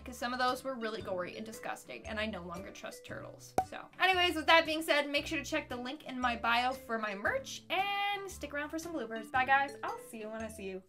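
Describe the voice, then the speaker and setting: A woman reacting in a casual vlog, expressive and giggly, squealing at what she sees, talking in her studio. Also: high-pitched. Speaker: YouTuber.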